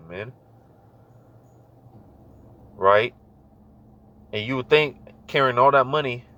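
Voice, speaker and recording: A man's voice: medium pitch, bright, forceful tone, dull audio. A man giving casual, slangy religious commentary, repeating his warnings with a chuckle now and then. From United States. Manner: slangy, repetitive, preachy, chuckling.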